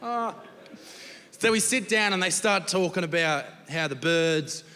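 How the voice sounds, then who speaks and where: A young Australian man performing crude, profane stand-up comedy, telling stories and shouting the punchlines. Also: high voice, expressive, measured pace. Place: large theatre stage with audience laughter. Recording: live show with long hall reverb and background noise.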